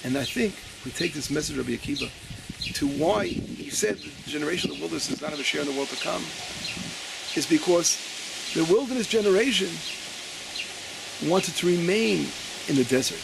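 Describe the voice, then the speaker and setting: A male rabbi gives a Torah lesson in a gravelly, slightly high voice. He trips over words, repeats himself and draws out the quotes he reads. Steady noise sits under the recording. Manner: searches his papers aloud, stumbles and repeats words; reads quotes slowly with emphasis.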